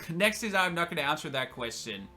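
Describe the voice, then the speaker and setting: A man's voice: fairly high pitch, sing-song, a little fast, bright, forceful tone, faint music behind. A young man from Germany with a German accent, joking and chatting casually as a streamer answering viewer questions. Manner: chatty, joking, laughs often. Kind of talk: casual Q&A livestream.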